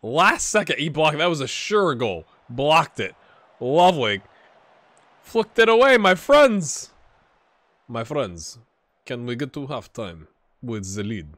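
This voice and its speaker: A man talking his way through a football management game, rambling and second-guessing himself. His pitch swings widely when a play excites him. The sound is dry and close, with no room around it. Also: unhurried, no room sound. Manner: rambling, self-questioning, bursts of excitement. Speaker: gaming YouTuber. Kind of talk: casual game commentary.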